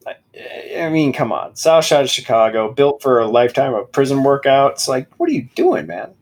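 A man's voice: medium pitch, sing-song, normal speed. A man co-hosting a podcast, casually mocking a book as he reads passages aloud in a sarcastic, dramatic way. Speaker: podcast co-host.

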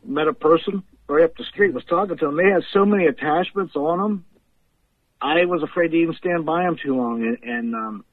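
A man's voice: a little high, fairly quick, no room sound. Man telling ghost stories down a tinny phone line. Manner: rambling storyteller, laughs often. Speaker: guest paranormal investigator. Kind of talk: casual storytelling on a podcast.

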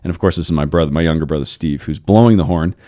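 A man in his thirties hosting a podcast, discussing philosophy in a casual, animated way and telling stories. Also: extremely low pitch, racing. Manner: storytelling, animated, laughs often. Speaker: podcast host.

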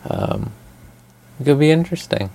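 A man co-hosting a casual podcast chat, telling stories in a rambling, animated way with lots of fillers and swearing. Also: medium pitch, normal speed, creaky. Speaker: podcast co-host.

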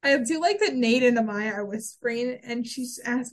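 A woman with a fairly high voice speaks at a moderate pace while co-hosting a podcast. She recaps an episode in a chatty, casual way, often restarting sentences and using fillers.

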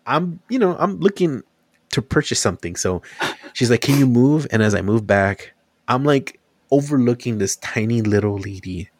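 A man's voice: medium pitch, normal speed, no room sound. A young man in casual podcast chat, telling stories with animation and acting out what others said. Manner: animated storytelling, acts out quotes.

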